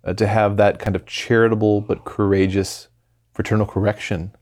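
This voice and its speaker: A man's voice: lowish voice, level tone, moderate pace, a little mellow. A man hosting an interview, affirming and reflecting on his guest's story. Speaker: host. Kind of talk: interview conversation.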